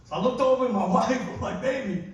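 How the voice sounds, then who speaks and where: A man in his forties tells loose, self-mocking stand-up stories in a fairly high voice. He is recorded from a distance in a big, ringing theater hall. The sound is dull and a little lo-fi, with noise underneath. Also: fast talker. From Louisiana. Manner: laid-back, self-mocking storytelling with chuckles. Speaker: stand-up comedian. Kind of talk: stand-up comedy set. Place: large theater stage. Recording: echoey hall recording from far off. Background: audience laughter.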